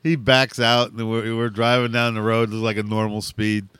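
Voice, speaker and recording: A middle-aged man telling a rowdy story in casual chat, animated, swearing freely and laughing often. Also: fairly low pitch, normal speed, clean tone, dry recording.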